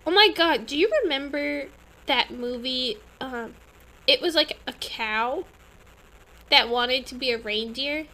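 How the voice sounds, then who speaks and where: A woman's voice: high-pitched, a little slow, sharp tone, rough recording. A young adult woman co-hosting a podcast, chatting casually and animatedly with lots of laughter. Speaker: podcast co-host. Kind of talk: casual chat.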